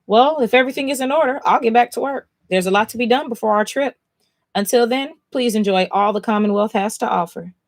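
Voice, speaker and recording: A woman voicing a composed female official who welcomes newcomers in a formal, brisk and polite way. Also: fairly high pitch.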